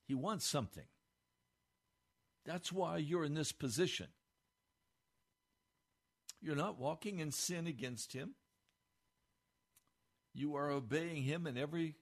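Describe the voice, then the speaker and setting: Slow, impassioned preaching man. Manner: impassioned preaching, rising to emphatic peaks then dropping low. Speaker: pastor. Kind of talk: radio sermon.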